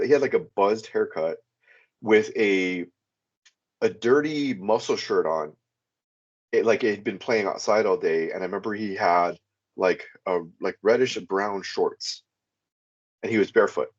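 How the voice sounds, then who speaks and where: A man calling into a podcast, telling a long personal story in a rambling way, with many fillers. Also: fairly low pitch. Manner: rambling, frequent "you know" fillers. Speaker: podcast caller. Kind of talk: casual first-person storytelling. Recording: dull lo-fi sound.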